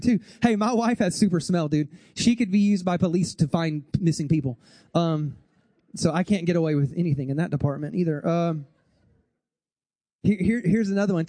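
A middle-aged pastor delivers a funny, conversational sermon in a notably high voice, talking right to the crowd and acting out quick bits. The sound is dry and close, with almost no room around it. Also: male voice, warm tone, no room sound. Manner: chatty, joking, addresses the congregation directly; acts out voices and gestures in quick asides. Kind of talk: humorous sermon.

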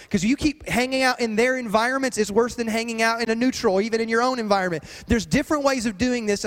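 A man with an unusually high voice delivers a sermon from the pulpit. He leans on repetition and emphatic phrasing. His words ring out into a long, echoing church hall. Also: fairly bright tone. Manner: emphatic, repetitive preaching cadence. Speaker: pastor.

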